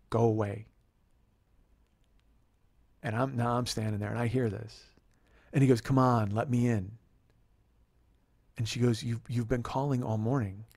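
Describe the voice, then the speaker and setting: A man's voice: mid-range voice, a little mellow, no echo. A man in his forties, a comedian host telling a heated, profane story and acting out the dialogue.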